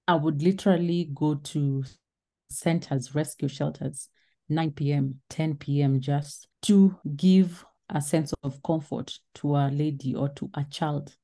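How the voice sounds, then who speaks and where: A woman's voice: deep voice, mellow. A woman in her thirties, a lawyer and guest, giving an earnest and reflective personal account in an interview. Her voice is shaky. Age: 30s. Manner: earnest, reflective, sometimes trailing off.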